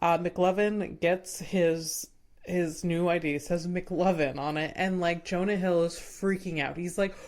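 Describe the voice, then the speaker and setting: A woman's voice: on the low side, fairly even intonation, measured pace, a little mellow. A woman hosting a podcast in casual chat, retelling movie scenes with lots of laughter. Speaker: podcast host.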